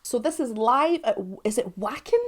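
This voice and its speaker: A Scottish woman hosting a music reaction, talking in a chatty, self-mocking way with sudden hushed asides. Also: on the high side, expressive, normal speed. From Scotland. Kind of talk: casual chatty commentary.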